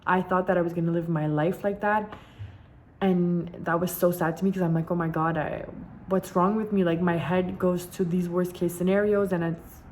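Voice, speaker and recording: A young woman talks candidly to her camera, leaning on repeated words for emphasis. Her voice sits a little low for a woman, and a faint noise floor hums under the recording. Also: steady tone, moderate pace, a little mellow. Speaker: vlogger. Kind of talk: casual personal storytelling.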